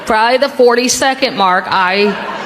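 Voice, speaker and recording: A woman's voice: fairly high pitch, moderate pace, over a noisy crowd, heavy background noise. A woman stand-up comedian telling rambling, self-mocking stories on stage in a comedy club. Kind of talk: stand-up routine. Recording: reverberant club with loud audience laughter.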